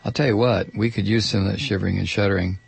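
A man's voice: fairly low pitch, fairly even intonation, fast, vocal fry, slightly rough. A man hosting a talk radio show, rambling through a sarcastic monologue close to a studio mic. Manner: sarcastic, rambling, mock voices.

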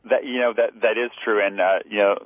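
Low-voiced male correspondent on a phone line. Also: fairly even intonation, slight background noise. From Texas. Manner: conversational, quick asides, many fillers. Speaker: news correspondent, radio guest. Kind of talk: casual talk radio chat.

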